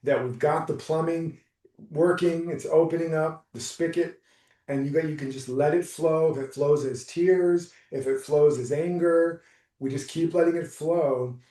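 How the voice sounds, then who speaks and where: Mellow-voiced male coach, roomy and distant. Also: fairly high pitch, fairly even intonation. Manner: soft, reassuring, unhurried. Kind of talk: live coaching session.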